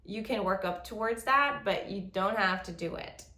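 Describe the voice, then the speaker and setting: A woman's voice: mid-range voice, normal speed, pushed and bright. A woman giving an online yodeling lesson who explains step by step and stops to demonstrate. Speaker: yodeling teacher. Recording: roomy echo.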